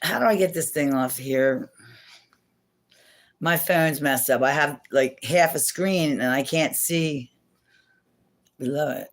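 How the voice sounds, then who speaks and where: A woman's voice: sits low, slow, long pauses. A woman hosting a casual livestream from home on her phone, rambling and chatty, laughing often and swearing now and then. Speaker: livestream host.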